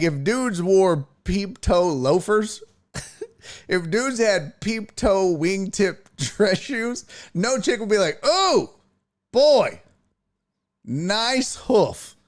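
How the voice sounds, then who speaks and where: Man, sports talk host, casual livestream, reads chat, profane banter, slow-paced, animated delivery. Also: sits high. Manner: loose, profane, riffing banter. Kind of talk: casual livestream chat reading viewer comments.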